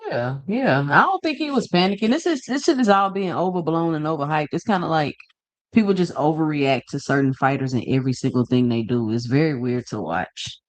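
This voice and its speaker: A woman's voice: low-pitched, animated, a little fast, no echo. A woman hosting a casual boxing talk show, laid-back and direct. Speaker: host.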